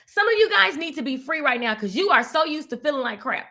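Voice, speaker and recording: A woman hosting a casual faith-based motivational talk, animated and preachy, calling her viewers "baby" and "honey.". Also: high-pitched, brisk, hardly any pauses. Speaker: host of a live motivational stream.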